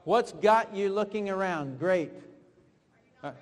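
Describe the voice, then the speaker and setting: A man's voice: high-pitched, animated, slow pace. A man running a live sales training seminar, coaching his audience through drills and questioning them. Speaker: network marketing trainer. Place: large room with an audience. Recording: long reverb of a hall.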